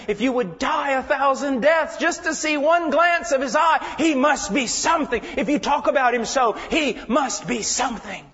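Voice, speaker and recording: A man preaching a sermon with passion, swinging between shouted lines and hushed, quiet ones. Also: extremely high pitch. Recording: dull lo-fi sound with long hall reverb.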